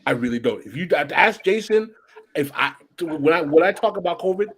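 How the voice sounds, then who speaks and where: Male podcast co-host, lively swooping voice, fairly high, keeps restarting, casual chat. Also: fairly quick. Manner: animated, with frequent restarts.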